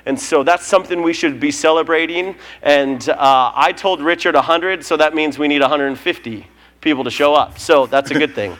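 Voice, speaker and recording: A man with a slightly high voice leads a church service. He runs through the announcements casually, joking and telling stories with plenty of fillers. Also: normal speed, fairly bright tone. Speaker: pastor.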